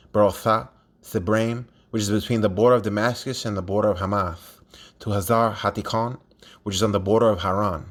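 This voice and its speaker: A man reading scripture aloud at a steady pace, with a few slips and restarts. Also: lowish voice. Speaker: scripture reader.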